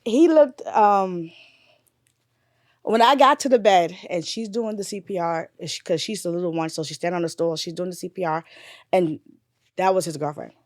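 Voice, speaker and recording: This grieving guest, a nurse who lost a child, speaks at a normal speed in a lowish register, captured with a dry, close sound. In the emotional podcast conversation she's candid and swears, moving from loud retelling into quiet grief.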